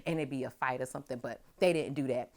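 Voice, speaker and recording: A woman hosting a casual TV episode recap, animated and chatty and swearing freely. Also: rumbling low, quick pace. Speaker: host of a TV recap show.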